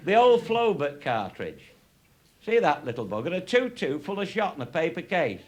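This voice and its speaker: A man's voice: on the high side, big pitch swings, normal speed. Salty older man telling laughing stories. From England. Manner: salty, laughing, showing cartridges. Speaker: raconteur. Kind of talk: humorous storytelling to an audience. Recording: noisy live recording.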